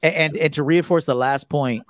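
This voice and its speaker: A man's voice: fairly high pitch, fairly even intonation, brisk, no echo, clean studio sound. A man hosting a call-in dating-advice podcast, giving blunt, profane coaching and acting out the lines he quotes. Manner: blunt, profane, emphatic, acts out quoted dialogue.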